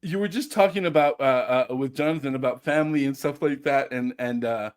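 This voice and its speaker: A man co-hosting a chat show, talking in a halting way with many fillers. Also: mid-range voice, clear, resonant tone. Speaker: co-host. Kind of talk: casual chat.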